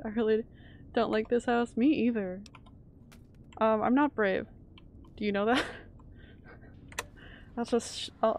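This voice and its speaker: A woman's voice: mid-range voice, vocal fry, a little hiss or hum. A woman streamer chatting casually while she plays a game, jumpy and chatty, swearing when startled. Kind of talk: casual live-stream gameplay chat.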